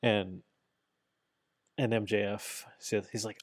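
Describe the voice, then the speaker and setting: A man with a lowish voice chats casually on a podcast, retelling events with energy and slipping into quoted voices. The sound is dry and close, with no room around it. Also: slow, pauses often, no room sound. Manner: animated retelling, acts out quotes, swears casually. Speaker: podcast co-host. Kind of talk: casual chat recapping wrestling.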